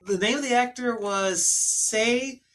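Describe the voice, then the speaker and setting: A man in a casual podcast chat about films, recalling facts in a halting way with many fillers. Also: extremely high pitch, a bit bright. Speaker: podcast co-host.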